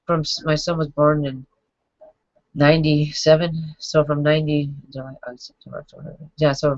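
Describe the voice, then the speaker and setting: A woman in her forties speaks through tears in a halting confessional monologue, her voice flat and level. The sound is dry and close, recorded on dull, lo-fi home equipment. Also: sits low, no room sound. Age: 40s. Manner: halting, emotional, many restarts. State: crying. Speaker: vlogger.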